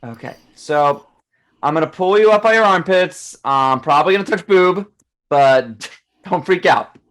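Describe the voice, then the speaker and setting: A man reading the part of a steady, awkward man rescuing a woman, in a calm, reassuring, slightly sheepish way. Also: a little high, a little slow. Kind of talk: amateur online script reading.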